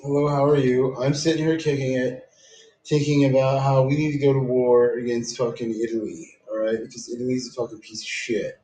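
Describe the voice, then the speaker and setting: A man's voice: mid-range voice, level tone, a little fast, mellow, echoey room, poor audio. A man delivering a casual, profanity-laced, rambling rant to camera, repeatedly calling the listener "dude".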